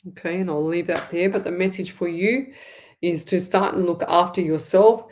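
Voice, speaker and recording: Australian woman, middle-aged, lower-pitched; rambling, repetitive live-reading host. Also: fairly even intonation, moderate pace, darkish tone. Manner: chatty, rambling, repeats herself. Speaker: psychic medium host.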